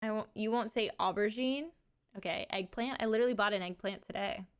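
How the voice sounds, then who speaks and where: A woman's voice: medium pitch, smooth. Giggly woman streamer with a slight lisp. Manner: chatty and giggly, drawn-out words. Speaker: livestreamer. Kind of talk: casual chat to a live audience.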